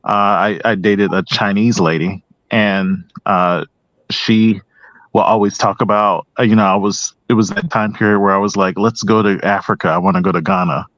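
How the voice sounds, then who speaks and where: A man speaking as a guest on a panel discussion, hesitant with many pauses and restarts. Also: on the low side, fairly even intonation, fairly bright tone, no room sound, highs cut off.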